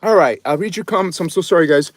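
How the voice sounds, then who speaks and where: A middle-aged man, hosting a spiritual livestream from his phone. He swings between mumbled casual chatter and fervent shouted invocations. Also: on the high side, quick pace. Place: by his truck in a cold underground space at night.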